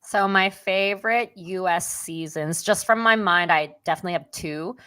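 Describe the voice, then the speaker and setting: A woman's voice: on the low side, normal speed, clear, resonant tone, no room sound. Young woman guest, chatty and giggly, dry close mic. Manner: chatty and animated, often laughing, acts out quotes. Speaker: podcast guest. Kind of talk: casual interview chat.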